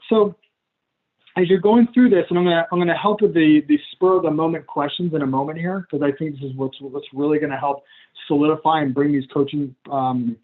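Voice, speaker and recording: A man teaching coaching skills on a video call in a casual, chatty way, acting out client conversations. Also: on the high side. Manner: casual, chatty, laughs at himself, acts out client dialogue. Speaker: coach trainer. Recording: tinny phone-like call audio.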